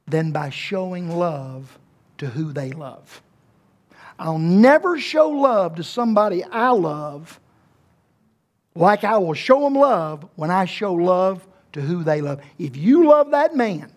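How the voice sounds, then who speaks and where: A man in his fifties, a pastor preaching a sermon in a church, telling a story with big swings in pitch and loudness. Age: 50s.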